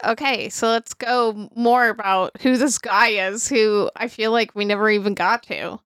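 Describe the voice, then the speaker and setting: A woman's voice: medium pitch, steady tone, a little slow, fairly bright tone, clean tone, no room sound. A woman co-hosting a podcast in casual chat, joking and going off on tangents. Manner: jokey, goes off on tangents. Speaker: podcast co-host.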